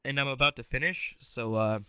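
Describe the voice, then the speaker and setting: A man's voice: mid-range voice, a little fast, pushed and bright, clear, resonant tone, no room sound, clean studio sound. A man co-hosting a podcast in casual, crude chat, goofing around with silly joke accents. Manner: goofy, crude, playful, hams up silly accents. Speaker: podcast co-host.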